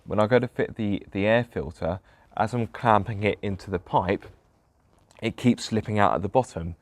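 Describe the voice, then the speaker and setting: A man's voice: on the low side, moderate pace, dry recording. A young man narrating his own car repair vlog, grumbling in a self-deprecating way about fiddly parts. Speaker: car vlogger. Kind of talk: casual DIY vlog narration.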